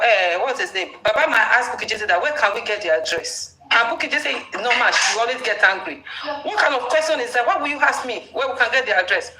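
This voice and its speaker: Animated high-voiced woman, echoey. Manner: animated, laughs while arguing, interrupts. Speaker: participant in an online audio room. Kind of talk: heated discussion. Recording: echoey with faint noise.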